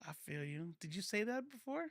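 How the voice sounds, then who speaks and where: A man's voice: high-pitched, very animated, moderate pace, vocal fry, a bit bright, no echo, clean studio sound. A man hosting a casual political commentary livestream, rambling and self-correcting, laughing often and swearing freely.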